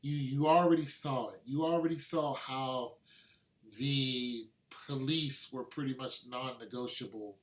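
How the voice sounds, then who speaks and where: A man's voice: mid-range voice, a little slow. A man vlogging to camera in a loose, conversational way, drifting into asides. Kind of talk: casual monologue to camera.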